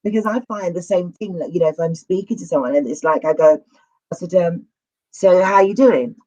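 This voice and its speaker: A talk show host speaking casually and haltingly, restarting sentences often. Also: mid-range voice, a little mellow, poor audio. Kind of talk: casual interview chat.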